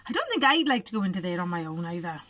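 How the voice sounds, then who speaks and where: A woman, a teacher reading a storybook to children, animated and chatty, stopping to ask questions. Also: lowish voice, fast talker.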